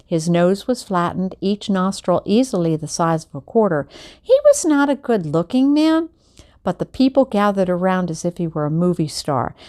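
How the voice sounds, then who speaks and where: A woman reading a children's novel aloud at home, chatting between chapters and giving the characters animated voices. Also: fairly low pitch, normal speed. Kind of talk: casual read-aloud of a book. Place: home at night.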